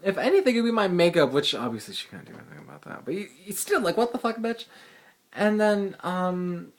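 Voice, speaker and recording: A man's voice: high voice, a little fast. Exasperated, foul-mouthed teenage guy ranting. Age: teens. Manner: exasperated, profane, lively retelling. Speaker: vlogger, high school student. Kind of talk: casual storytelling rant.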